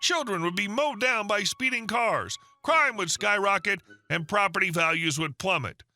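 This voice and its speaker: A man narrating online stories in a scripted way, with wry deadpan asides. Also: sits high, normal speed, faint music behind.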